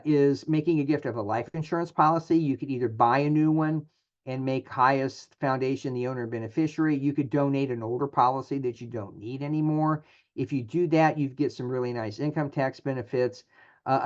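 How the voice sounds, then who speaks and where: Man presenting, conversational and filler-heavy. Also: mid-range voice. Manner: conversational, many filler words and restarts. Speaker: planned giving presenter. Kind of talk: webinar presentation. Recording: dull lo-fi audio.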